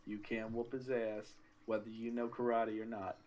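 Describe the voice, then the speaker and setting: A man in a casual podcast chat, telling stories with animated energy and teasing his friend. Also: on the low side, moderate pace, highs cut off.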